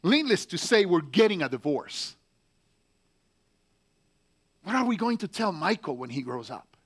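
A man reading aloud the letters of a Marine stationed overseas, slow and heavy with pauses. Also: high voice, very animated, a bit bright, slightly rough, full character voice. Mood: bitter, furious. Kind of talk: letter read aloud in character.

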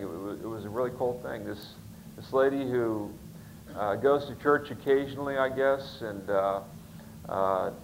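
A man telling a story in a sermon, folksy and rambling, often stopping on fillers and restarting his sentences. His voice sits at a medium pitch. A faint noise runs under the recording. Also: rough recording. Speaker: pastor.

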